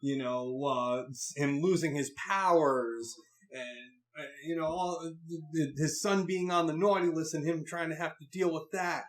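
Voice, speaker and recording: A man talking as a podcast co-host about a film. His voice sits a little high for a man, and his delivery is hesitant, dotted with ums, uhs and restarts. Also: normal speed. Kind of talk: casual movie review chat.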